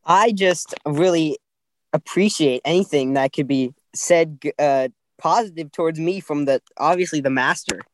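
A man calling in to a comedy podcast, speaking hesitantly with lots of ums and halting starts. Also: fairly high pitch, no room sound. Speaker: caller. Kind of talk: call-in chat.

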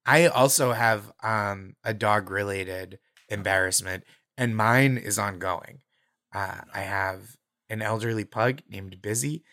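A man's voice: on the low side, slow pace, sharp tone, no room sound, studio quality. A male comedian giving an earnest, articulate, reassuring mock pep talk. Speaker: comedian guest.

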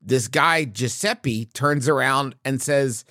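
A man co-hosting a podcast in casual chat, excitable and exasperated, laughing often. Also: medium pitch, takes it slowly, dry recording, studio quality. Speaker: podcast co-host.

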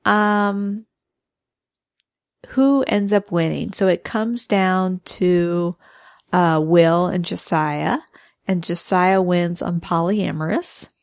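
A woman co-hosting a casual podcast, recapping episode events in a relaxed way with fillers. Her voice sits a bit low for a woman, and she is recorded close and dry. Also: takes it slowly, gravelly, no room sound. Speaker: podcast co-host.

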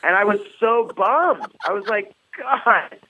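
A man's voice: high voice, lively intonation, moderate pace. A man, a comedian and guest, telling stories in a casual interview with many restarts. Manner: rambling storyteller with many restarts. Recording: tinny phone-line sound.

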